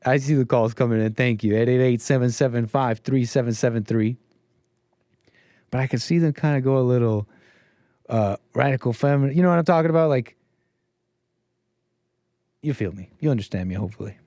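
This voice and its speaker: A man's voice: medium pitch, brisk, long pauses, warm tone, no room sound, studio quality. A man who grew up in Canada, hosting a call-in livestream and talking in a rambling, hesitant way with many fillers and restarts. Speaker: livestream host taking calls. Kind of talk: casual livestream commentary.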